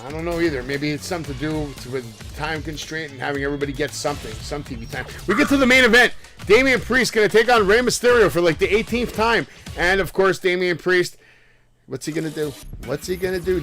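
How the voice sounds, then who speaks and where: High-voiced man on a wrestling podcast. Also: fairly quick, over music. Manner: laid-back, loose and profane, poses questions to his co-host. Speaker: podcast co-host. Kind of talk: casual wrestling podcast chat.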